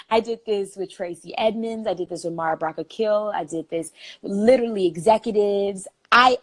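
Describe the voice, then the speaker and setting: A young woman in her twenties, a guest telling a story in a casual, chatty way with lots of "like" fillers. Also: medium pitch.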